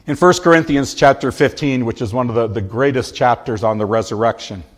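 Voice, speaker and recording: A man preaching a sermon, leaning hard on key words and stretching them out slowly for emphasis. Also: mid-range voice. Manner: slow, emphatic delivery, drawing out key words.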